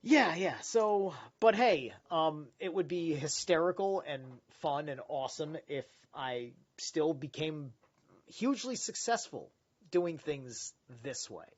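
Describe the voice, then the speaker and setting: Hosting a live stream, a man reads a philosophy text aloud and rambles candidly between passages, often swearing and starting over. His fairly high voice is expressive and slow, and the recording's highs are cut off.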